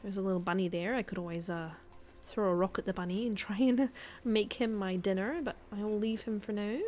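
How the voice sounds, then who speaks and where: A woman's voice: medium pitch, fairly even intonation, fairly quick, a little mellow. A woman streaming a survival game from home, chatting and thinking aloud in a put-on Scottish accent and poking fun at herself. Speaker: guest streamer. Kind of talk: casual gameplay commentary.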